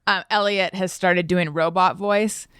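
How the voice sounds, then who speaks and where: A woman hosting a podcast in casual chat, chatty and quick to chime in. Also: lowish voice, fairly even intonation, fairly bright tone, smooth, no room sound, studio quality. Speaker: podcast host.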